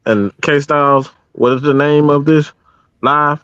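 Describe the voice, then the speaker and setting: A man's voice: fairly high pitch, fairly even intonation, a little slow, a bit bright, smooth, no room sound, lo-fi sound. Fired-up, stammering man ranting. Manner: fired-up, profane, stammering restarts. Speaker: podcast co-host. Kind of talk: heated live stream rant.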